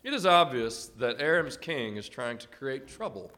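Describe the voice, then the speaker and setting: A man's voice: mid-range voice, animated, moderate pace, bright, forceful tone. A man reading scripture aloud during a sermon, giving the verses expression. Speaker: scripture reader.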